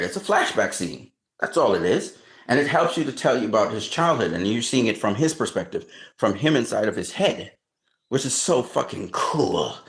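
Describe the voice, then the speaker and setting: A man in casual film commentary, excitedly retelling movie scenes, swearing often and acting out reactions. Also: fairly low pitch.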